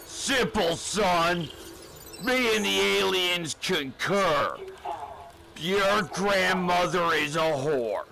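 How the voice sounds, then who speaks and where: A man playing a gruff, bullying male drill sergeant in a comedy spoof, barking crude insults at a recruit. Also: high-pitched, lively intonation, very slow, full character voice.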